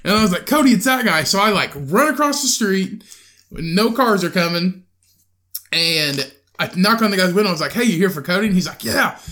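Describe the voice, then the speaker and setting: A young man co-hosting a podcast, telling a profane, animated story in casual chat and acting out the quotes. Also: high voice, fairly quick. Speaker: podcast co-host.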